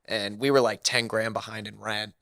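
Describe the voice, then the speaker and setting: Bright-voiced man telling a lively story. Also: lowish voice, moderate pace, vocal fry, dry recording. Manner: animated, lively storyteller acting out quotes. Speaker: guest comedian. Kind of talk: casual podcast storytelling.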